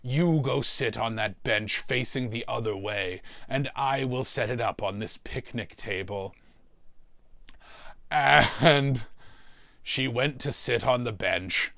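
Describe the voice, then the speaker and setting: A man's voice: mid-range voice, bright, forceful tone, no room sound, full character voice. A man playing a demonic torturer who hosts a mystery show and tells a comic story about suffering. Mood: wry. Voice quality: gravelly, slow, relishing talk of suffering. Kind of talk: comedic in-character storytelling.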